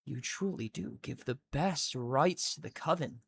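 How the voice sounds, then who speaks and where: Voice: mid-range voice, lively intonation, unhurried, vocal fry, a little hiss or hum, voice pushed down. Narrator doing a clawed witch matriarch. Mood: sweetly menacing. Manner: coaxing, calls others honey and sweetie. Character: menacing clawed female witch matriarch, falsely sweet.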